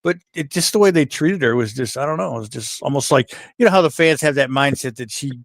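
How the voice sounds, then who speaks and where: Outspoken dude on a wrestling podcast, cusses, dry close sound. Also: male voice, medium pitch, expressive, fast, creaky, no room sound. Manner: blunt, opinionated, swears and jokes. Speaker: podcast co-host. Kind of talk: casual wrestling talk.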